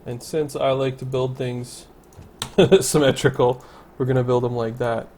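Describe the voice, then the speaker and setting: A man's voice: medium pitch, steady tone, unhurried, mellow, a little hiss or hum. A man casually commenting on his city-building game, thinking aloud and correcting himself as he goes. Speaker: let's play commentator.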